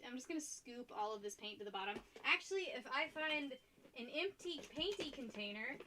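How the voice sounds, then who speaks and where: A young woman streaming while she paints, chatting casually, rambling and laughing often, and getting loud when excited. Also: on the high side, noisy background.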